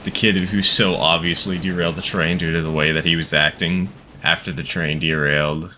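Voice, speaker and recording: A man's voice: deep voice, level tone, moderate pace, pushed and bright, a little hiss or hum. A man chatting casually as he streams a train game, rambling through asides and laughing often. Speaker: gaming streamer. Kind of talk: casual gameplay commentary.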